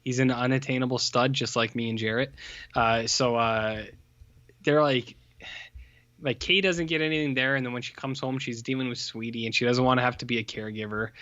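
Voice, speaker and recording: A man co-hosts a podcast, rambling through a film review with plenty of fillers and jokey put-on voices. His voice is mid-pitched, and the recording is dry and a little muffled. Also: a little fast, no echo. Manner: rambling, animated, full of fillers, mocks characters in put-on voices. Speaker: podcast co-host. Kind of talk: casual film review chat.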